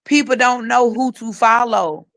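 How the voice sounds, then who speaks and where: A woman's voice: on the high side, measured pace, fairly bright tone. A middle-aged woman co-hosting a casual podcast about faith, speaking frankly in a testifying, storytelling way. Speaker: podcast co-host.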